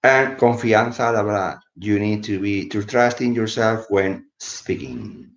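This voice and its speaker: A man's voice: fairly low pitch, steady tone, unhurried. A man, a bit sleepy, giving a casual English lesson and switching between English and to explain words. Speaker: English teacher. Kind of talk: casual live video lesson. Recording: echoey room, dull lo-fi sound.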